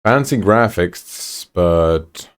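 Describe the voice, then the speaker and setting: This man talks very slowly in a low voice with lively intonation. He's streaming a game and keeping it relaxed, chatting, reading the chat out loud, and offering casual commentary on his play.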